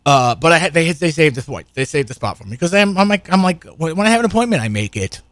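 A man's voice: on the high side, sing-song, fast, a bit bright, dry recording. An older man telling a rambling, profane story in casual monologue, full of asides and restarts. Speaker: show regular.

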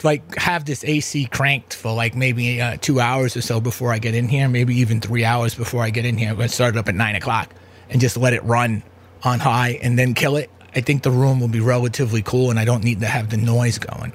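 Chatty and meandering, this podcast host runs his talk show from home, packing his talk with fillers and side tangents. His voice is medium-pitched, and there's slight background noise from the air-conditioned room.

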